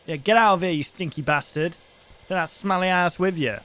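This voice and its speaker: A man's voice: high-pitched, fairly quick, sharp tone, smooth. A young man streaming a horror game, reacting with crude exclamations and frequent swearing. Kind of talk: let's-play commentary.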